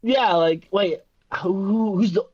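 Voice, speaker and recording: A man co-hosting a casual film review podcast, talking haltingly, repeating words and laughing often. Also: high-pitched, a little mellow, dry recording. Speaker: podcast co-host. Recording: dull lo-fi dry sound.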